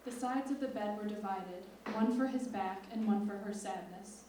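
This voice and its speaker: A teenage girl reading her own lyric essay aloud on stage in a measured, expressive way. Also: medium pitch, a little hiss or hum. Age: teens. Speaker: student writer. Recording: echoey hall from far off.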